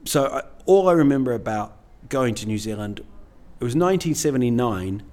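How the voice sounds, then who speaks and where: A man's voice: mid-range voice, expressive, fairly quick, darkish tone. A middle-aged man, a stand-up comedian, chatting casually as an interview guest in a rambling, self-deprecating way. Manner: rambling, self-deprecating, many "you know"s.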